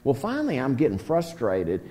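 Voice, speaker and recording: A man's voice: mid-range voice, huge pitch swings, normal speed, mellow, in a large hall. A man leading a recovery meeting, telling a long story in a rambling, folksy way full of fillers. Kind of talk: storytelling talk to a group.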